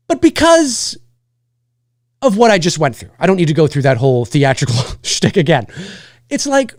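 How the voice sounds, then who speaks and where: A male livestream host ranting in a loose, casual way. His pitch leaps all over the place as he acts out bits of scenes, with some swearing mixed in. The sound is close and dry. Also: no room sound. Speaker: live show host.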